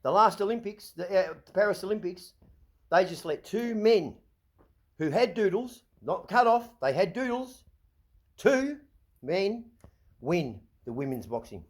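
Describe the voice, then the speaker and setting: A middle-aged Australian man rants into the camera, slightly higher-pitched than most men, agitated and swearing freely. He trips over his words, repeating and restarting as he vents. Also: sing-song, measured pace. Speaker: vlog host. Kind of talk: ranting monologue.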